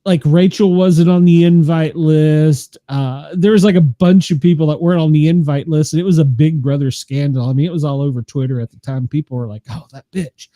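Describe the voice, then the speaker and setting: A man hosts a casual podcast chat with a mellow, darker voice. He is gossipy and swears freely, laughing as he goes. The sound is close and dry. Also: a little high, steady tone, a little fast, few pauses, no room sound. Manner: profane, laughs often, gossipy. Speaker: podcast host.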